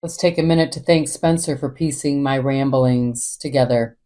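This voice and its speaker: A woman's voice: rumbling low, moderate pace, warm tone. A woman hosting her own podcast, talking alone in a candid, rambling way and swearing freely. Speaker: podcast host. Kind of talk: casual solo monologue.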